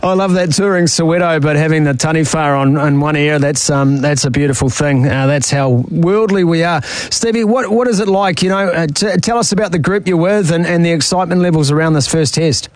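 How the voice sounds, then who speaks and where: A man with a New Zealand accent hosting a sports talk show, enthusiastic and quick to laugh. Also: a little high, steady tone, no echo, rough recording. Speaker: radio sports host.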